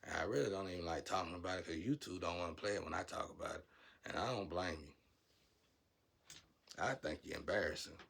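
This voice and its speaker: A man's voice: fairly quick, creaky, long pauses, breathy edge. Blunt, profane man ranting at camera. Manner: blunt, profane, scolding, swings from low muttering to loud shouting. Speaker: vlogger.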